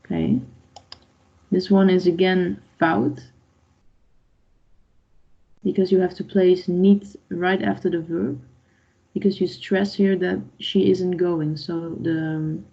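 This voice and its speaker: A woman's voice: fairly low pitch, gravelly, mellow, husky. A woman teaching a beginner's online language lesson, patiently explaining grammar and asking the class for answers. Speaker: Dutch teacher. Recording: dull lo-fi online class audio.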